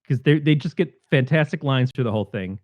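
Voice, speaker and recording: A man's voice: mid-range voice, a little fast, no echo, highs cut off. A man co-hosting a podcast, chatting casually about a film and eagerly retelling its scenes. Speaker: podcast co-host. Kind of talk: casual film review chat.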